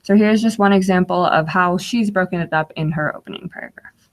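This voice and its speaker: On an instructional webinar, a guest speaker with a fairly low voice talks briskly about essay writing. She walks through her slides explaining each point, using frequent fillers.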